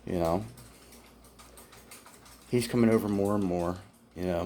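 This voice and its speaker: A man's voice: lowish voice, normal speed, pauses often, a little mellow, a little hiss or hum. A man telling his own story in a casual first-person account, aggrieved, blunt and profane, quoting what others said to him. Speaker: former employee telling his grievances.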